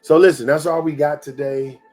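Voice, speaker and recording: Speaking at normal speed in a steady, darkish, fairly high-pitched voice, a man hosts a live-streamed motivational talk with soft music underneath. He is preachy and repetitive, repeatedly turning to the viewers directly.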